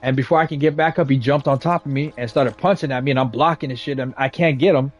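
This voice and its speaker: Forties guy, mid-pitched, casual streetwise storyteller, swears freely. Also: quick pace, lo-fi sound, soft background music. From west side of San Jose, California. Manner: slangy, streetwise and profane, with lots of "you know what I'm saying" and "right?". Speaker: gaming streamer.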